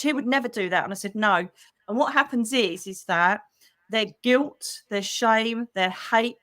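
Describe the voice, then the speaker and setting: A middle-aged woman, a psychic medium, hosting a livestream and telling a story in a lively, chatty way, acting out the voices she quotes and calling people darling. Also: medium pitch, no room sound, studio quality.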